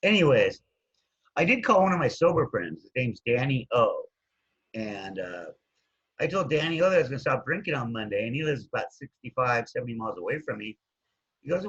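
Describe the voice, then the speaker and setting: A man's voice: brisk, slightly rough. A man in his fifties, a guest telling his own story casually, often trailing off with "anyways". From Hawaii. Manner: animated, jumps up and down in pitch, trails off with "anyways". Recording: dull lo-fi sound.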